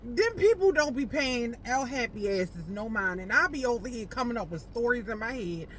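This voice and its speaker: A woman entrepreneur chatting casually to camera while parked outside a post office, animated and playful, calling the viewer baby. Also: on the high side, normal speed, slight background noise. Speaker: entrepreneur vlogger.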